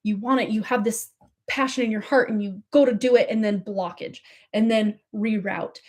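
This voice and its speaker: A woman's voice: medium pitch, fairly even intonation, moderate pace, a little mellow. A woman giving a live tarot reading in a chatty, rambling way, laughing often. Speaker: tarot reader.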